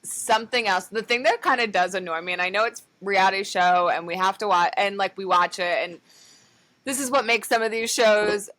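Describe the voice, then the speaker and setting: A woman's voice: medium pitch, brisk, a bit bright, dry recording. A woman co-hosting a podcast in casual chat, giving blunt reactions and short asides. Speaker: podcast co-host.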